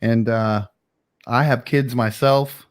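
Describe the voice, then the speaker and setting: A man's voice: mid-range voice, fairly even intonation, slow, clear, resonant tone. A man hosting a casual livestream chat, telling a story in a rambling, laid-back way with lots of fillers. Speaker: streamer host.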